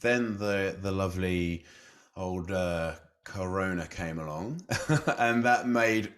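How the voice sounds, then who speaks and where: A man's voice: deep voice, takes it slowly, fairly bright tone. A man telling his story casually as a podcast guest, chatty and self-deprecating, laughing often and leaning on "you know".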